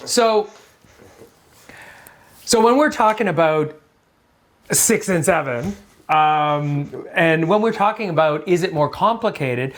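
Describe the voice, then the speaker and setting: A man's voice: a little high, expressive, slow pace, pauses often, fairly bright tone. A man with the easy, rambling delivery of a doctor breaking down a medical topic on camera. He jokes around and drifts into side remarks, leaning on fillers as he goes. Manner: chatty and digressive, jokes around, many fillers. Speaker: orthopedic doctor explaining a sports injury. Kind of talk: casual medical explainer talk.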